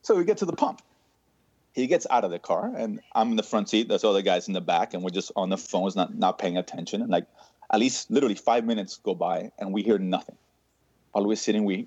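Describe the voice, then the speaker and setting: A man on a podcast telling a funny story in casual chat, animated and saying "dude" all the time. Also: on the low side, fast talker, breathy edge, dry recording. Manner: animated, says "dude" constantly. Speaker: podcast co-host. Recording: slightly muffled dry sound.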